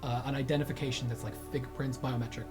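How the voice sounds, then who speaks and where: A woman's voice: rumbling low, fairly even intonation, rapid-fire, music in the background. A woman game master narrating a sci-fi tabletop game in a casual, rambling way. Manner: casual, filler-heavy, giggly.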